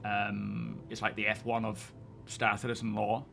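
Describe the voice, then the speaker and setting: A man's voice: fairly low pitch, completely flat delivery, a little slow, gravelly, a bit bright, soft background music. A man hosting a live stream, chatting casually and greeting viewers as he rambles.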